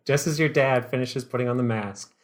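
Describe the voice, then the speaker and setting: A man narrates a comedic second-person story on a podcast. His reading is dry and deadpan, at an ordinary mid pitch. He often breaks off into a laugh. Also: measured pace.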